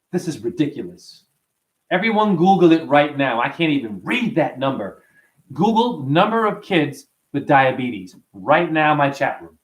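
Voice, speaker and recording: A man ranting to his chat on a livestream, swearing a lot and rambling, swinging from loud outbursts to low muttering. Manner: profane, rambling, excitable, swings between shouting and muttering. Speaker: live streamer. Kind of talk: unscripted livestream rant to chat.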